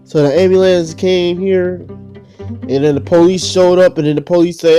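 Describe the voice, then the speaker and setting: A man's voice: high voice, steady tone, moderate pace, mellow, faint music behind. A man telling a casual, rambling story full of slang and restarts.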